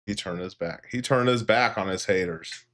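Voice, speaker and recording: A man's voice: low voice, moderate pace, a bit bright. A man hosting a casual livestream, joking with his chat and talking to his pet parrot, laughing often and swearing casually. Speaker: livestream host.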